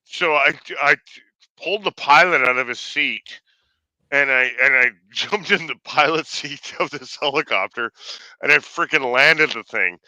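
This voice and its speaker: A man's voice: medium pitch, measured pace, bright, forceful tone, no room sound, low-quality recording. A man telling a story in casual chat, full of fillers and swearing.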